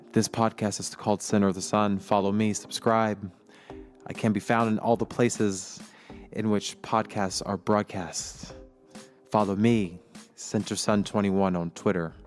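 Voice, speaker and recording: A man hosting his own podcast in a casual, reflective solo talk, with plenty of ums and uhs. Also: on the low side. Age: adult. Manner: slow, reflective, with many fillers. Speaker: podcast host.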